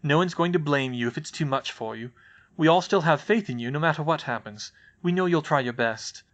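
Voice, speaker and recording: A steady, caring teenage boy wizard, put on by a man reading the storybook. He stays gentle and reassuring and speaks softly in a slightly high voice. He sounds like someone others lean on. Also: fairly quick, close to an everyday voice. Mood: soothing.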